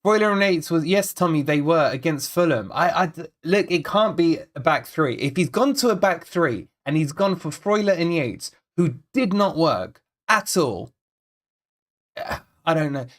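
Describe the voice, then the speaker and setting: An expressive man with a fairly high voice, speaking at normal speed, runs a live football watch-along as a fan channel host. Chatting loosely with his audience, he rambles, repeats himself, worries over the team, and reads chat messages aloud.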